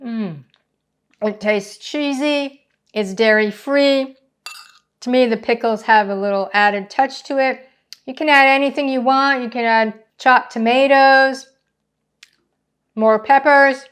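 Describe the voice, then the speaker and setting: Smooth, bright-pitched woman cooking at home. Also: fairly even intonation, a little slow. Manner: chatty, explains each step as she cooks. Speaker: cooking channel host. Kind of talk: casual cooking demonstration. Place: home kitchen.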